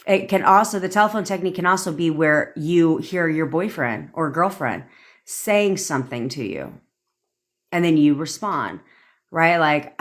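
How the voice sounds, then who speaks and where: A woman's voice: sits low, animated, moderate pace. A woman manifestation coach talking casually on a phone livestream, chatty and cursing often as she answers viewers. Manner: chatty, frequent profanity, addresses viewers by name.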